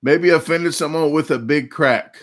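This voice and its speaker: A man's voice: fairly high pitch, moderate pace. A man in his forties with a Southern US accent, hosting a casual live chat and telling rambling, jokey stories. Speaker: livestream host.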